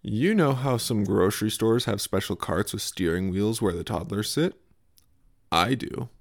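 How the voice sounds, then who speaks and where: A young man hosts a podcast and reads his own comic family stories in a deadpan storyteller's voice. His low voice has a gravelly edge, and his delivery bounces around with a lot of melodic swing. The sound is dry and close, with no room in it. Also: measured pace, no echo. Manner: absurd deadpan humor in a storytelling voice. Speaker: podcast host. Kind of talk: scripted comic newsletter reading.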